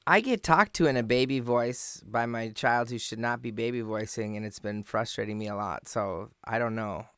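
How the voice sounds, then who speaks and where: A man's voice: medium pitch, moderate pace, a bit bright, clear, resonant tone, no room sound, studio quality. A man co-hosting a podcast in a casual, slangy, laid-back chat, talking as a father.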